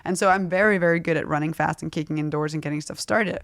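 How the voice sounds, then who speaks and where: A woman's voice: sits low, fast. A middle-aged woman speaking frankly and casually as an interview guest, laughing often as she talks. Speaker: fashion brand founder, guest.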